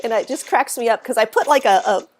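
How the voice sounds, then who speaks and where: A middle-aged woman with a fairly high voice tells stories as a podcast guest. She is animated and laughs often, breaking off and restarting her sentences as she goes. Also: fast talker. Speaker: guest author and researcher. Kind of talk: casual podcast storytelling.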